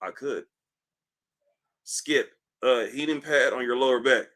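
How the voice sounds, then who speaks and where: A man hosting a casual livestream, reading comments aloud in a loose, profane, animated way while in back pain. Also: mid-range voice, unhurried. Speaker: livestream host. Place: indoors at home, seated.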